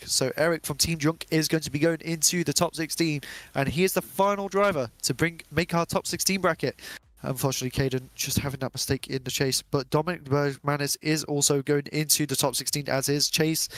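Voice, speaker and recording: Upbeat, higher-pitched male commentator. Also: no room sound. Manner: chatty, jokey, quick to laugh. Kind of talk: live esports commentary.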